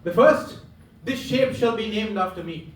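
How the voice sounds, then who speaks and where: A man's voice: high voice, a little slow. A male comedian voicing a scheming wandering mystic, sly and grandiose, during a stand-up bit. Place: pub stage. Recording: echoey pub room, far mic.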